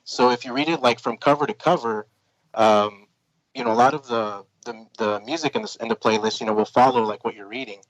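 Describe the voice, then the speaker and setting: A man's voice: mid-range voice, fairly even intonation, brisk, no echo, poor audio. A man, a comic book creator, chatting casually as a podcast guest, rambling with lots of fillers and restarts.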